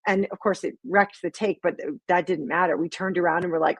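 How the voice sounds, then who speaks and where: A middle-aged woman who creates sketch comedy hosts a casual live stream about her work, telling stories in a chatty, rambling way full of fillers. Her voice is fairly low and brisk, with a breathy edge and few pauses, recorded dry.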